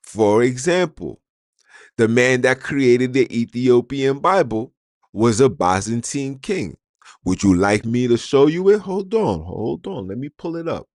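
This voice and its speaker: A man's voice: medium pitch, animated, measured pace, darkish tone, dry recording, clean studio sound. A man hosting a podcast, delivering an argumentative monologue full of rhetorical questions that he puts straight to his listeners. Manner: addresses listeners directly. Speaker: podcast host.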